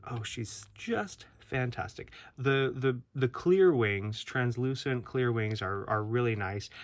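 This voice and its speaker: A man's voice: mid-range voice, no echo. Rambling, chatty man unboxing toys. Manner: rambling, chatty, many restarts and asides. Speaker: toy collector vlogger. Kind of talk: casual unboxing review.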